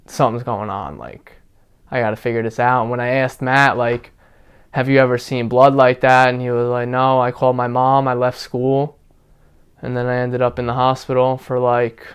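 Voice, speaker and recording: A young man being interviewed, recounting his experiences in a relaxed, casual way, with lots of fillers like "like". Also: medium pitch, normal speed, clean tone. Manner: relaxed, filler-heavy storytelling with frequent "like". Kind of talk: casual personal account.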